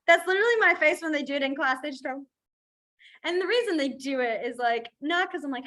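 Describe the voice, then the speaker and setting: A young adult woman teaches a beginner sign language class online, her high, slightly bright voice moving fairly quickly over a rough recording. She is casual and chatty, heavy on fillers, and acts out feelings in quoted asides.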